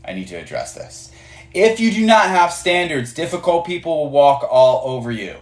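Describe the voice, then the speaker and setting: A man's voice: a little high, very animated, moderate pace. A man teaching a casual management class on a live stream, talking loosely with many fillers and acting out short bits of dialogue. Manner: conversational, many fillers and restarts, acts out dialogue. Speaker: management coach. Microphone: phone on a live stream. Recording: roomy echo.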